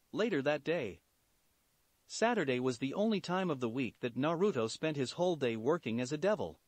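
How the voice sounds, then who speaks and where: A man narrating a fan fiction story aloud in an animated, expressive way. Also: fairly high pitch, dry recording. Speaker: story reader.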